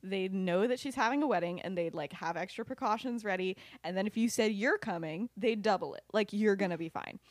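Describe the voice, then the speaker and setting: Earnest teen schoolboy, talks it through calmly, a woman reading him out, dry sound. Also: medium pitch, a little fast, hardly any pauses, dry recording, natural voice. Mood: reassuring. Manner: reasoning, casual, filler-heavy. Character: teenage schoolboy hero, earnest and persuasive.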